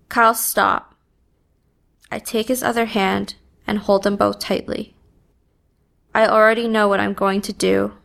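A woman reading a first-person story aloud in a subdued, even manner. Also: mid-range voice, creaky. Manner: slow, even, subdued delivery. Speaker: narrator.

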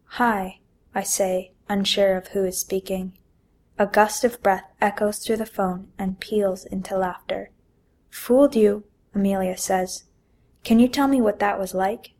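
Young woman author reading her own story, mid pitch, lively with the dialogue. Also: measured pace. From Ontario, Canada. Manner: lively, voices the dialogue with bright emphasis. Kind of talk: reading a first-person story aloud.

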